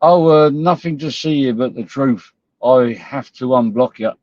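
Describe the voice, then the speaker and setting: A man's voice: medium pitch, a little slow, a little mellow, no room sound. Blunt, scornful man ranting. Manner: blunt, scornful, swears often. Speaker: live-stream host. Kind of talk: ranting live-stream commentary. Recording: dull lo-fi stream audio.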